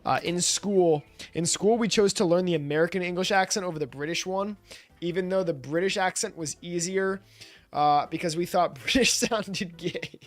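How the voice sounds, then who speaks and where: A man's voice: sits high, moderate pace. A man livestreaming who chats casually, rambling, swearing and laughing as he talks. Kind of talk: casual stream chat.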